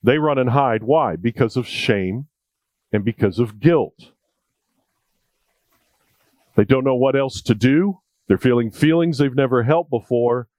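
A man's voice: mid-range voice, a little slow, long pauses, darkish tone, no echo. A male preacher delivering a sermon in a conversational, jokey way, repeating key points for emphasis.

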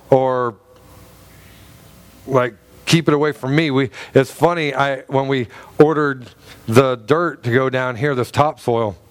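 Middle-aged male pastor, casual joking sermon delivery, slightly high voice. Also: smooth. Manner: chatty and joking, with many restarts and laughs.

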